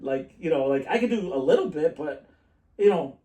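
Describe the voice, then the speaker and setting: A man's voice: on the high side, lively intonation, quick pace, warm tone. A man hosting a podcast, telling rambling stories in casual chat and laughing often. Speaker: podcast host. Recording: echoey room, mic at a distance.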